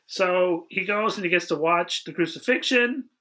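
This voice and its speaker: A man's voice: sits high, normal speed, sharp tone. A man hosting a casual movie-review chat, recapping the plot with dry, wry humor. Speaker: podcast host.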